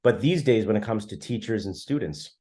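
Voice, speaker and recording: A man's voice: fairly low pitch, lively intonation, fairly quick, a little mellow. A man co-hosting a podcast in casual chat, blunt and teasing as he tells stories. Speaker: podcast co-host.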